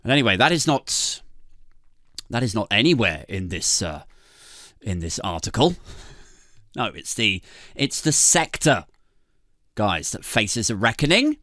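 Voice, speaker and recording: Clean, echo-free studio audio captures a British man co-hosting a comedy podcast, his sharp voice taking big pitch swings. He rants sarcastically, swears and laughs often, speaking unhurriedly with many pauses.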